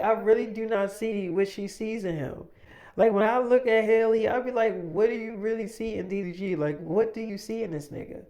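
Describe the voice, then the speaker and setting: A man's voice: sits high, darkish tone, lightly acted. A man voicing his girlfriend as a frank, foul-mouthed young woman in casual storytime narration, close to his own voice. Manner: frank, profane, dismissive.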